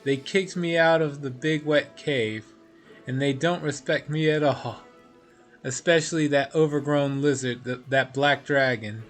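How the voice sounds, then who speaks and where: A man's voice: medium pitch, steady tone, a little slow, faint music behind, close to an everyday voice. A man voicing a whiny, petulant female demon queen from a video game, read in a mostly plain voice.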